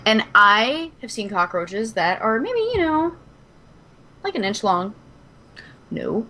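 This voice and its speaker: A woman from Kentucky, co-hosting a podcast, telling a story in casual chat, animated and dramatic, swearing freely. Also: on the high side, slow pace. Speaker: podcast co-host.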